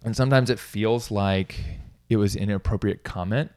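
Middle-aged guy coach just talking it out, lowish voice, kinda rambly, laughs at himself. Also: moderate pace, darkish tone, clear, resonant tone. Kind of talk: casual solo talk.

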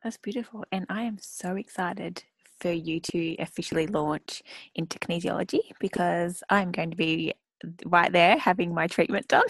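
A woman's voice: fairly low pitch, fairly even intonation, normal speed, husky, dry recording, studio quality. A woman hosting a casual interview, enthusiastic and encouraging. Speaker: podcast host.

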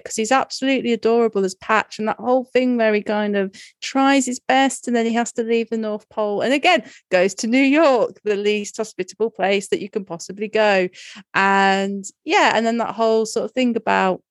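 A woman's voice: fairly high pitch, dry recording, clean studio sound. A woman co-hosting a casual chat, rambling fondly and animatedly, laughing often.

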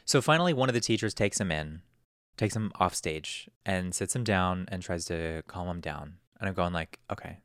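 A man's voice: sits low, moderate pace, a bit bright, no room sound, clean studio sound. A young man hosting a podcast, rambling through a story and acting out quotes in a raised voice. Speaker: podcast host. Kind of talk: casual storytelling.

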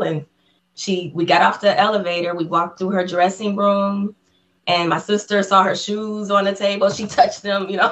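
A woman guest on an interview podcast, excitedly telling a personal story in casual conversation. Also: mid-range voice, moderate pace, highs cut off. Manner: excited storyteller who acts out the voices of people in her story.

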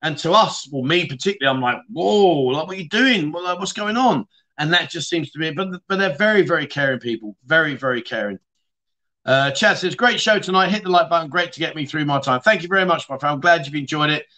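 A man's voice: on the high side, quick pace, sharp tone. A middle-aged man from the UK hosting a casual livestream, reading out viewer comments in a chatty, blunt way and calling people mate. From United Kingdom. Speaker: livestream host.

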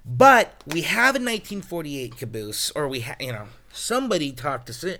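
A man hosting a casual podcast chat, excitable and jokey. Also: a little high, moderate pace, hardly any pauses, slight background noise. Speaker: podcast host, distillery owner.

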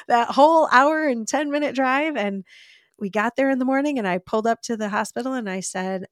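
A woman's voice: on the high side, moderate pace, no echo, studio quality. A woman telling her personal faith testimony about adopting her baby as a podcast guest, speaking in a heartfelt, emotional way and laughing often as she tells the story. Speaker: adoptive mother.

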